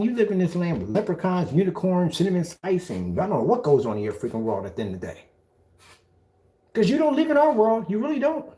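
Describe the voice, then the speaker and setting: A man's voice: high voice, darkish tone. A man mocking a rival in a ranting callout video, sarcastic, taunting, and repeating phrases back at him. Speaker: video blogger.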